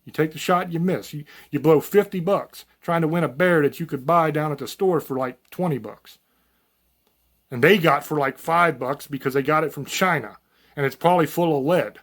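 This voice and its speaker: Man, channel host, slightly high voice, blunt folksy rant with swearing, unscripted. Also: moderate pace, fairly bright tone. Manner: blunt, profane, folksy, rambling. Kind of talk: unscripted monologue to camera.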